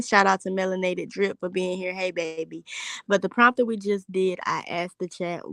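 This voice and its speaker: A young woman with a lowish, somewhat bright, smooth voice hosts a casual livestream, recorded without room sound. She reads viewer comments out loud, brash and profane, joking and laughing as she talks straight to chat.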